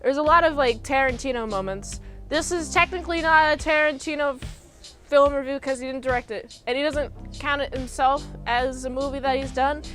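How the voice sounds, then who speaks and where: Young woman w a high voice doing a rambly movie recap, lots of "like", faint music behind. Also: normal speed, a bit bright. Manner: rambling, filler-heavy, slips into goofy character impressions. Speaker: movie reviewer.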